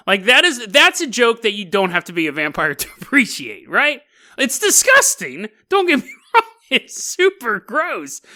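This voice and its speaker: A man hosts a podcast alone, riffing in a loose comedic monologue. His voice is bright and lively, swinging widely up and down, and he breaks into chuckles mid-sentence while picking things apart with dry wit. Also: high-pitched. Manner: animated, wry, laughs often mid-sentence. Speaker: podcast host.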